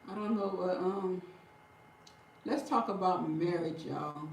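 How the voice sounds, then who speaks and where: A woman chatting casually with her viewers, telling stories in an animated way, laughing and breaking into loud bursts. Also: on the low side, slow, vocal fry, slight background noise. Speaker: vlogger talking to viewers. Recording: roomy and distant from the mic.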